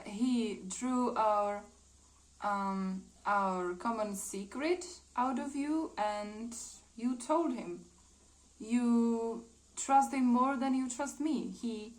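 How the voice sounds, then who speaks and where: A woman's voice: a little high, poor audio. A woman voicing a jealous, controlling young man from her comic, speaking in a reproachful, pleading way.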